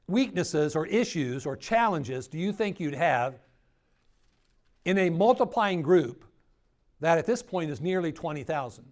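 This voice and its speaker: A middle-aged man preaching a sermon at a church grief workshop, teaching with rhetorical questions to his audience. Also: a little high. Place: church hall.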